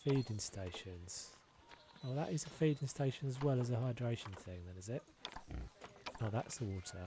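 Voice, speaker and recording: A man's voice: medium pitch, animated, normal speed, warm tone, slight background noise. A man giving casual, self-deprecating commentary as he plays, thinking aloud and muttering to himself. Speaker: gameplay video creator.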